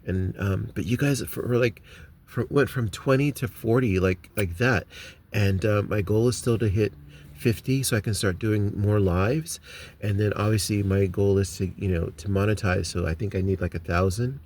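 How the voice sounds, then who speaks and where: A man with a lowish voice chats openly to his viewers from inside his car, wandering through his thoughts with frequent ums and false starts. A faint hum of ambient noise sits under the phone recording. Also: moderate pace, darkish tone. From United States. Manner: rambling, with many ums and restarts. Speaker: vlogger. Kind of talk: casual chat to viewers.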